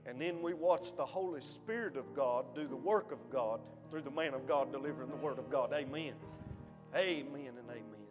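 A man's voice: mid-range voice, moderate pace. A man speaking emphatically to a church congregation, urging and affirming them. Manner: emphatic, call-and-response. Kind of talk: church service exhortation. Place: church sanctuary. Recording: hall reverb with music and congregation.

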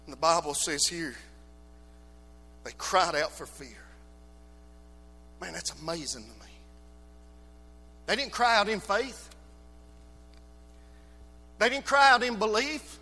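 High-voiced preaching man in reverberant church. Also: a little slow, long pauses. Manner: preaching with loud, rising exhortations and sudden quiet drops. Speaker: pastor. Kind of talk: sermon. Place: church sanctuary.

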